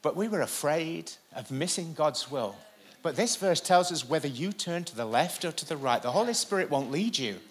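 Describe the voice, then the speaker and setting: A pastor delivering a sermon from a church stage, preaching with animated emphasis and occasional jokes. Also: male voice, a little high, moderate pace, husky.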